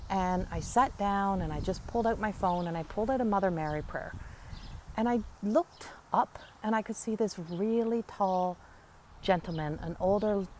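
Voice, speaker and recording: A woman's voice: on the low side, background noise. A woman, a psychic medium, chattily telling a personal story and acting out the dialogue. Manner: chatty, animated retelling with quoted dialogue.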